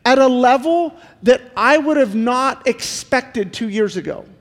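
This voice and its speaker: A man's voice: very high-pitched, expressive, unhurried, a bit bright, big-room sound. A middle-aged male pastor giving an earnest sermon, full of repeated pleading questions. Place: church sanctuary.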